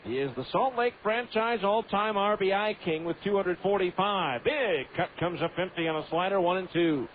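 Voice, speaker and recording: A man's voice: sits high, moderate pace, hardly any pauses. Male baseball play-by-play announcer. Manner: steady, stat-heavy narration. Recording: tinny AM radio broadcast with faint hiss.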